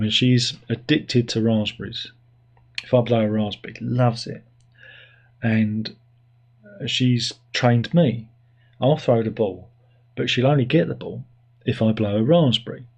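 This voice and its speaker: A man with an English accent talks casually to his livestream viewers in a middle-pitched voice with a husky edge. He rambles and pokes fun at himself. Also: a little mellow, highs cut off. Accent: British (England). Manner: rambling, self-mocking, puts on silly voices for his dog. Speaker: livestream host. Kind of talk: casual chat.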